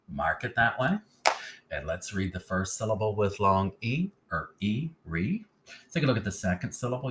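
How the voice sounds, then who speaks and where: A man's voice: deep voice, slight background noise. A man teaching a phonics lesson step by step, patiently checking in with "okay?" as he goes.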